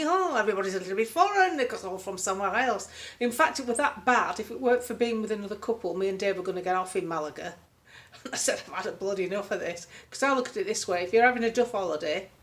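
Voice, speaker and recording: An older woman telling a story in a blunt, chatty way, now and then putting on voices. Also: medium pitch. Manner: blunt, chatty, swears lightly, acts out voices. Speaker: political commentary vlogger. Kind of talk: casual storytelling monologue.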